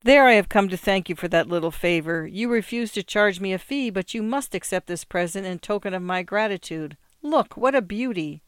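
A storyteller voicing a fussy, flustered doctor who protests and insists, in a clear, smooth voice. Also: medium pitch, expressive, normal speed, few pauses, no echo, natural voice. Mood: insistent. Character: flustered family-man doctor.

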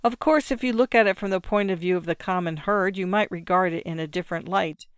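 A storyteller voicing a grateful young man who eagerly presses a gift on someone, in a clear, smooth voice. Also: mid-range voice, brisk, fairly bright tone, no room sound, clean studio sound, natural voice. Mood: pleading. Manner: effusive, pleading.

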